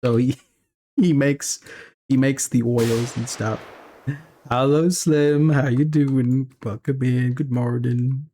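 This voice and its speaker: A man's voice: medium pitch, fairly even intonation, takes it slowly, warm tone. A man chatting casually on a live stream while working, rambling through stories and laughing often. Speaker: streamer and 3D artist.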